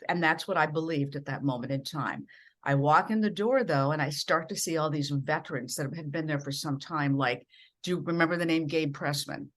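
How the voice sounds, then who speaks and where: A middle-aged woman from Minnesota, a broadcast journalist telling animated stories as an interview guest. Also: sits low, a little fast. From rural Minnesota. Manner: animated storyteller acting out voices in quotes. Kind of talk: storytelling in a podcast interview.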